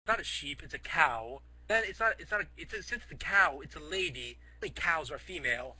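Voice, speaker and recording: A man telling a rambling, silly story in an excitable way, leaning on fillers like "like". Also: fairly high pitch, brisk, no room sound, rough recording.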